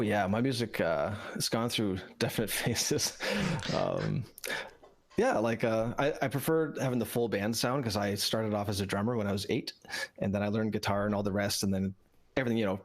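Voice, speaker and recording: Low-voiced, laid-back musician guest. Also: male voice, animated, a little fast. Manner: hesitant, lots of "like" and "uh", laughs easily. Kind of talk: casual podcast interview.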